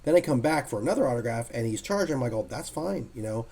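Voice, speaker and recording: A man, a comic artist being interviewed, telling stories in a casual, animated way and acting out what others said. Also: mid-range voice, rapid-fire. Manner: animated storyteller who acts out quotes.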